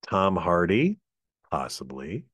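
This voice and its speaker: A man in a casual chat, easygoing and a bit hesitant, often pausing with fillers. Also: deep voice, very animated, fairly bright tone, husky, dry recording, clean studio sound.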